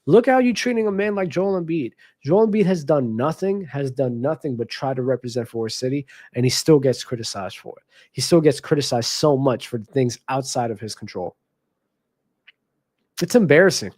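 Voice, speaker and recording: A man's voice: medium pitch, expressive, moderate pace, darkish tone. A man hosting a casual basketball commentary show, talking passionately and addressing viewers directly with slang. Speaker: sports commentary host.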